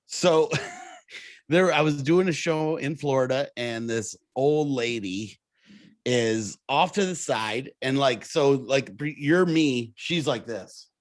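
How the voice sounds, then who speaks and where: Animated storytelling man, dry sound. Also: mid-range voice, slow, no room sound. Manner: animated, laughing storyteller who acts out quotes. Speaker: comedian guest. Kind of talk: casual storytelling chat.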